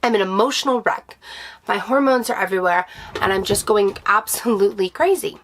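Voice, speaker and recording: A woman's voice: medium pitch, brisk, a bit bright, slight background noise. Candid, emotional woman vlogging. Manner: loose, with many fillers and restarts. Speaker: vlogger, stay-at-home mom. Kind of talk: personal vlog confession.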